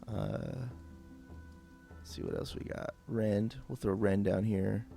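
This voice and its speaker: A man with a lowish voice walks through a video game tutorial in an easygoing, off-the-cuff voice-over. He rambles a bit and leans on fillers. Soft music plays faintly underneath. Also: fairly even intonation, slow pace, vocal fry. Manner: casual and rambling, with many fillers. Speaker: gameplay tutorial host.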